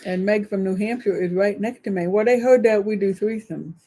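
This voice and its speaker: A woman's voice: mid-range voice, a little fast, mellow. An older woman co-hosting a casual live chat, chatty and reading out viewer comments. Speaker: co-host of a live show.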